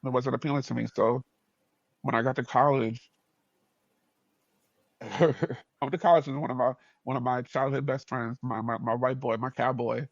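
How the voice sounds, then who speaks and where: A man with a New York accent, a podcast guest telling a story in a slangy, animated way with frequent laughs. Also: mid-range voice, normal speed, pauses often, no echo, lo-fi sound.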